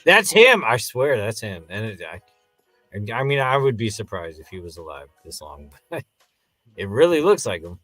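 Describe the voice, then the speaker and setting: A man co-hosting a casual review podcast, retelling scenes in an animated way and acting out the characters. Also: lowish voice, normal speed, no room sound, faint music behind. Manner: animated storyteller, acts out scenes. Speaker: podcast co-host.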